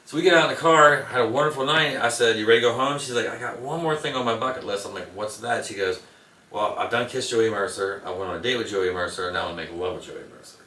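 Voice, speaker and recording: Fast-talking man in an echoey room. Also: lowish voice, pushed and bright, a little hiss or hum. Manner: rambling anecdotes. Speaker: interview guest. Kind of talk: casual storytelling. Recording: echoey room, mic at a distance.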